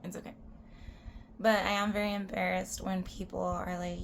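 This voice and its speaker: A woman's voice: on the low side, little pitch movement, normal speed, creaky, a little hiss or hum. A woman in her twenties from the US-Mexico border region, chatting casually to camera as a vlogger. She rambles and swears, and often drops into whispered asides.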